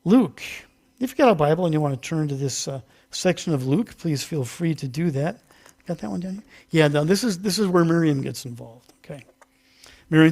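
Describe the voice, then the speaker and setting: In a church sanctuary, a male pastor with a fairly high, gravelly, darkish voice leads a casual, interactive sermon. Chatty and self-deprecating, he acts out a Bible story with the help of volunteers.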